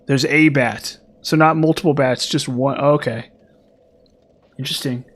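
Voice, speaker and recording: A man talks casually while he plays a video game, rambling along with plenty of fillers and restarts. His voice sits at an ordinary middle pitch. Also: steady tone, a little slow. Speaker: gaming streamer.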